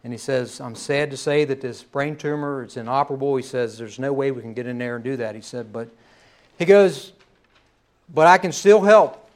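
A man's voice: mid-range voice, fairly even intonation, quick pace, few pauses. A middle-aged man from the United States preaching a sermon in a folksy, conversational storytelling manner. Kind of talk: sermon with a told joke.

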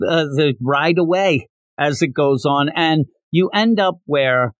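A man's voice: fairly high pitch, takes it slowly, dry recording. A male podcast host giving a casual, giggly recap of a comic chapter and acting out its dialogue. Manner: animated, giggly, acts out dialogue. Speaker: podcast host reviewing manga.

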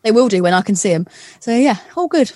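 A woman's voice: medium pitch, animated, fast talker, a little mellow, dry recording. A young woman from Norfolk with a Norfolk accent, chatting casually on a podcast and laughing often. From Norfolk, England. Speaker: radio presenter guest. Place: caravan.

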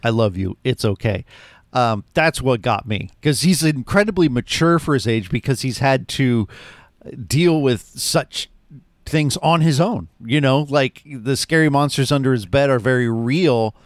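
A man's voice: medium pitch, unhurried, dry recording, clean studio sound. A man co-hosting a podcast, talking animatedly about a film and acting out lines from its scenes. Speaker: podcast co-host. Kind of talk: casual film discussion.

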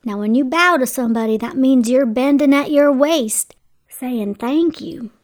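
Slow, high-voiced woman storyteller. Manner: explains words to children, asks questions. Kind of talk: children's story reading with asides.

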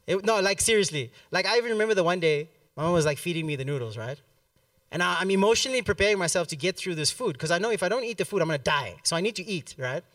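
A man's voice: fairly high pitch, no room sound, far from the mic. A man preaching a sermon at a church service, telling a story and acting out the quotes with plenty of laughter. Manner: animated, acts out quotes, laughs often.

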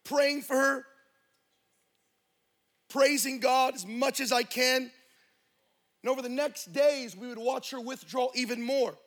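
A man's voice: extremely high pitch, measured pace, long pauses, fairly bright tone. A man preaching a sermon to a congregation, telling a story with passion and quoting the people in it. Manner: impassioned storytelling with quoted dialogue.

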